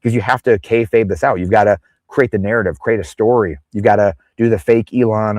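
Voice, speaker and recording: A man's voice: fairly low pitch, fairly quick, darkish tone, no echo. A man speaking as a podcast guest in casual interview talk, rambling off on tangents and acting out the people he quotes. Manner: acts out quoted people in exaggerated voices.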